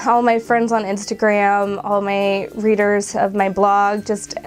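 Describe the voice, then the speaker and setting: A woman's voice: medium pitch, darkish tone. A woman in her twenties talking casually to camera, emotional and close to tears, with laughs between her words. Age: 20s. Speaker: vlogger.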